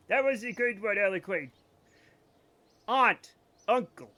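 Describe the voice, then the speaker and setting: A middle-aged man from the United States, streaming live and joking loudly with his chat as he rants about pronunciation. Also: high voice, lively intonation, slow, pauses often.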